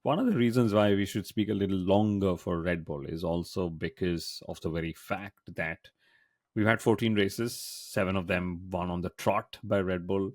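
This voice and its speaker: A man with a notably deep voice hosts a relaxed podcast chat. He tells stories playfully and drops cheeky asides. The sound is dry and close to the mic. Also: moderate pace, no echo. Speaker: podcast host.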